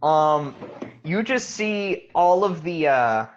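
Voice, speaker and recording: A man running a tabletop game, narrating a scene with a lively up-and-down voice. He tells it loosely and casually, often pausing to find words. The sound is dull and lo-fi. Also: on the high side, a little hiss or hum. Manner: animated, loose storytelling with fillers. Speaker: game master.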